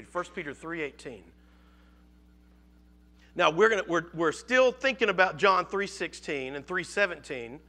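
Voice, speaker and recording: A man's voice: fairly high pitch, pushed and bright. A man preaching a sermon to a congregation, asking them questions and often repeating words as he goes. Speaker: pastor.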